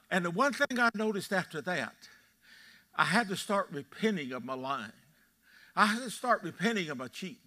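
A Texan man in his eighties preaches in a church sanctuary, his voice a little high and sharp in tone. As pastor, he tells his sermon in a folksy storytelling style and keeps quizzing his congregation.

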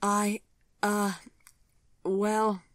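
An audiobook reader voicing Vivian, a flustered grandmother who teases and then squirms, in a higher voice than the narration. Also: measured pace, a bit bright, dry recording, studio quality, lightly acted. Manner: teasing, then awkward and defensive. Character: flustered new grandmother, a woman.

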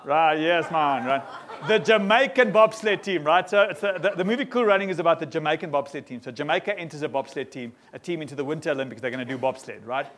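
A man preaches to a church congregation, his voice sitting a little high. He keeps things lively and often asks the room quick questions. Sermon delivery, with the congregation right there in front of him. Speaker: pastor. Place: church hall before a congregation.

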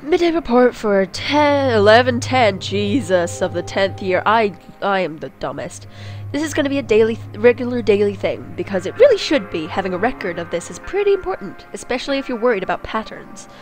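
A woman's voice: medium pitch, big pitch swings, brisk, faint music behind. A young woman playing a text game, reading aloud and joking crudely about herself as she goes. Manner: crude, self-mocking, rambling. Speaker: let's play gamer.

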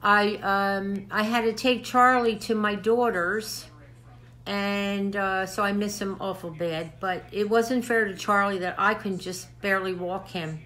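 A woman's voice: mid-range voice, steady tone, a little slow, a bit bright. Older woman, crafts host, rambling chat, short of breath. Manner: rambling, chatty storytelling. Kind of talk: casual chat to camera.

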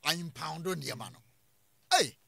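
A man's voice: a little high, lively intonation, a little slow, gravelly, a bit bright, no room sound. A man hosting a casual discussion, asking questions with a hesitant, searching manner.

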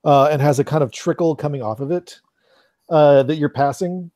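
Relaxed, halting game master. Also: male voice, a little high, dry recording. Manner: relaxed, halting, searching for words. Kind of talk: narrating a tabletop game. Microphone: online voice call.

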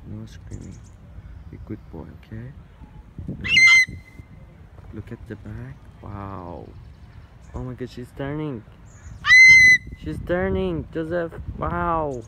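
A man's voice: on the low side, animated, takes it slowly, gravelly, pauses often, very noisy. A man talking fondly to his pet bird outdoors at a farm, coaxing and repeating words to it. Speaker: pet owner filming his cockatoo. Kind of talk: casual talk to a pet.

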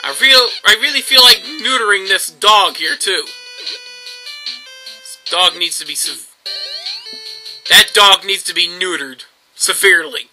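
A young man hosting a gameplay video, ranting sarcastically and mocking others in squeaky put-on voices. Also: slow pace, pauses often, sharp tone, soft background music, low-quality recording. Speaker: gaming video host.

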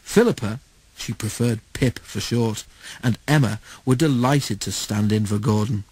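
A man narrating a children's storybook in a steady, measured way. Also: medium pitch, breathy edge, dry recording, poor audio. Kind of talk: storybook read-aloud.

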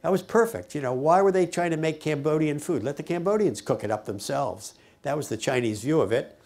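An older man looks back on his past work, speaking in a somewhat high voice. He tells it as a lively story, and when he quotes what people said, he acts out their voices. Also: brisk. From United States. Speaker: peace activist recounting his diplomacy. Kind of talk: personal storytelling to camera.

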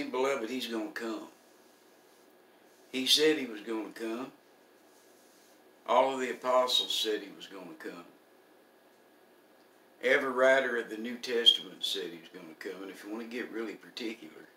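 A man's voice: medium pitch, pushed and bright, roomy sound, recorded from a distance. An older man preaching a sermon in a folksy, humorous way.

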